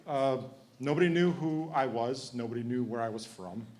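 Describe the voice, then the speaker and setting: A man's voice: mid-range voice, normal speed, darkish tone. Brief: thirties man at an awards podium, emotional but joking, faint background noise. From Connecticut. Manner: emotional, heartfelt, joking with audience. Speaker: hall of fame inductee. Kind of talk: acceptance speech.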